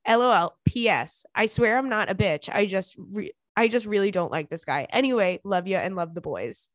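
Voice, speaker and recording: A woman's voice: mid-range voice, expressive, moderate pace, dry recording, studio quality. A young woman hosting a podcast, chatting casually and reading listener emails in a sassy, giggly way. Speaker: podcast host.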